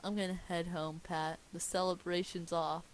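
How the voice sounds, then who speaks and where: A woman's voice: on the low side, flat delivery, moderate pace, slight background noise, close to an everyday voice, low-quality recording. A woman reading the lines of an eager, childlike cartoon sea sponge. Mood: mixed.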